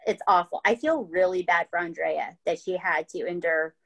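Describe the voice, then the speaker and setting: A woman's voice: on the low side, normal speed, fairly bright tone, rough recording. A woman hosting a podcast, telling a true-crime story in a casual, chatty way, swearing freely and often checking in with "right?" and "okay?". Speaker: podcast host.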